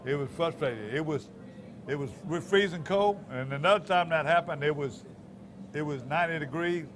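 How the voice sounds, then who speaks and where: A man's voice: fairly high pitch, a bit bright. A man hosting a local talk show, joking and teasing his guests. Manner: jovial, teasing, quick banter. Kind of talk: casual talk-show chat.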